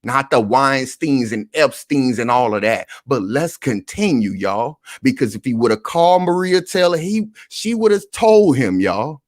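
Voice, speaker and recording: Man, commentary host, animated and repetitive, medium-pitched voice, dry close sound. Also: no echo. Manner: animated, repetitive, addresses the audience directly. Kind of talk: live reaction commentary.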